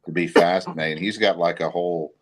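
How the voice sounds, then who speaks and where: Low, deep male guest, measured and unsure, casual conversation. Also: fairly even intonation. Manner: hesitant, thoughtful. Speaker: podcast guest, investigator. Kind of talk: casual interview chat.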